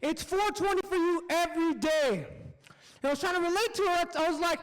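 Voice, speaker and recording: A man from San Francisco does a relaxed stand-up set, calling the crowd "guys". His voice is unusually high for a man. The stage PA carries a long reverb across an open plaza. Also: fairly quick. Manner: laid-back, addresses crowd as "guys". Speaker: stand-up comedian. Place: outdoor city plaza stage.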